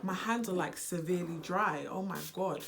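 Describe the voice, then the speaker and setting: Animated young British woman vlogging. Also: fairly low pitch, moderate pace, noisy background. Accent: British, switching into Nigerian. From United Kingdom. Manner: animated and unserious. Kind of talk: casual vlog chat.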